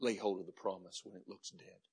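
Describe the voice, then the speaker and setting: A man preaching a sermon as pastor, building from quiet reflection to shouted climaxes in a rhythmic, repetitive cadence. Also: sits low, fairly even intonation, fairly quick, gravelly, breathy edge.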